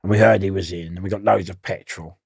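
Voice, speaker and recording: A man, telling a rough anecdote in a casual chat and laughing at his own story. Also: sits low, fairly even intonation, fast talker, no echo, studio quality. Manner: gravelly, laughs loudly at own stories. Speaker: guest storyteller.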